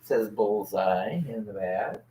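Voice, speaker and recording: A man speaking slowly and haltingly as a guest, describing things in casual chat. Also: lowish voice, steady tone, dark tone, poor audio. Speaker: guest on live stream.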